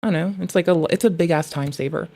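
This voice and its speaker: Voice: mid-range voice, fast talker. A young adult streamer ranting in casual chat, swearing often and rambling about pet training. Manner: profane, rambling, animated.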